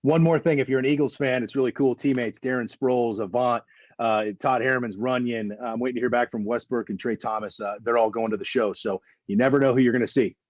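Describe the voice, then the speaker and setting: Man, radio guest, quick casual talk, muffled remote line. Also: mid-range voice, fairly even intonation, no room sound. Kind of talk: casual chat.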